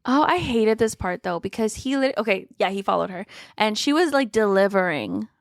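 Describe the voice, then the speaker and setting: A woman co-hosting a casual book-review podcast, retelling scenes in an animated way and swearing freely. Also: mid-range voice, moderate pace, vocal fry, no room sound, studio quality. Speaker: podcast co-host.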